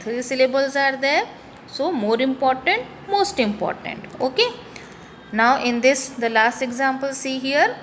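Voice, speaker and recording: A woman with an Indian accent teaching English grammar, repeating example words slowly and breaking them into syllables. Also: sits high, a bit bright, in a large hall, slight background noise. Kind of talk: grammar lesson mixing English and Hindi.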